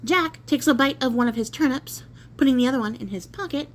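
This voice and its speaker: A woman's voice: sits high, a little fast, a little hiss or hum. A woman telling a folk tale in a casual, chatty way, with playful asides. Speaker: storyteller. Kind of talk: casual spoken storytelling.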